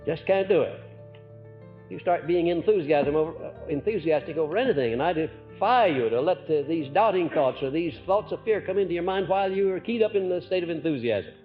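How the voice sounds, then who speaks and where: A man giving an earnest, folksy lecture to a live audience, letting his voice rise and drop on purpose and often pausing on "uh". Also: on the high side, animated. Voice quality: frequent "uh" hesitations. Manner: folksy, earnest, swings between loud and soft on purpose. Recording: muffled archival recording, faint music.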